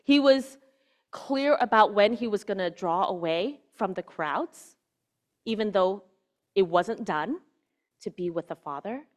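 A woman giving a conversational sermon. She keeps checking in with "right?" and drops to a hushed voice on key words. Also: medium pitch, lively intonation, measured pace. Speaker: preacher.

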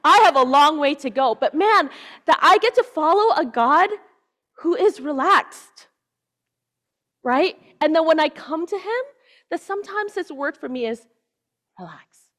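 Woman preacher with a slightly high voice. Chatty and informal, she sinks to a near-hush for emphasis. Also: expressive, measured pace. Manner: casual, keeps asking "right?", drops to a hushed voice on key words. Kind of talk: conversational sermon.

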